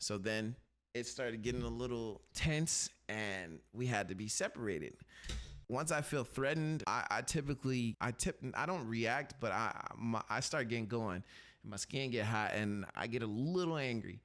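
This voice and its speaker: A young man hosting a podcast, telling a casual story and acting out the voices in it with big jumps in pitch. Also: normal speed, fairly bright tone. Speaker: podcast host.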